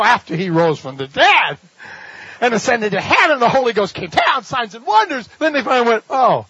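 A man's voice: high voice, sharp tone, breathy edge, dry recording, highs cut off. A man preaching a sermon, telling a story dramatically with laughs and rhetorical questions. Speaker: pastor.

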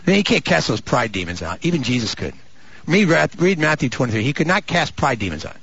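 A man preaching a sermon as pastor, building to fervent, drawn-out shouts and dropping into mock voices and asides. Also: mid-range voice, very animated, slightly rough. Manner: rising to fervent, stretched-out shouts. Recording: muffled lo-fi recording.

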